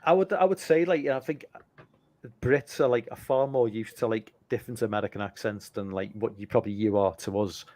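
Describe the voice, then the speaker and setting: A man's voice: fairly low pitch, a little fast, darkish tone. A man with an English accent chatting casually on a video call, rambling with many fillers and restarts. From United Kingdom. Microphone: computer mic on a video call.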